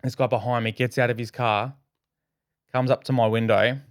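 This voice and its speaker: Casting: Australian man, podcast co-host, animated storyteller who swears freely, mid pitch, dry close mic. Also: moderate pace, clean tone, dry recording. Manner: animated, heavy swearing, acts out his own quotes. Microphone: podcast microphone.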